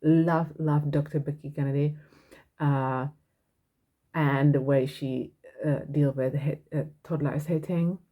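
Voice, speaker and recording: Woman, podcast host, casual monologue, low pitch, earnest, frank. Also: fairly even intonation, slow pace, phone-quality sound.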